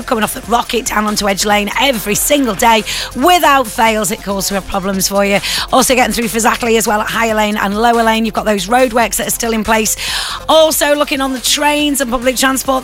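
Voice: mid-range voice, a bit bright. A radio co-host, chatty and teasing, reading a traffic update in the studio.

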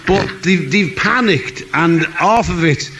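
A man doing comic radio banter, slowly explaining a pun and laughing through it. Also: on the high side, animated, sharp tone, slight background noise. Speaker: radio comedy co-host.

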